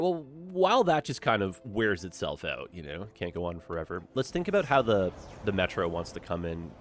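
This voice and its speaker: Man, gameplay streamer, casual commentary, lively up-and-down delivery, faint background music. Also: on the low side. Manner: chatty, easily distracted, dramatic exclamations.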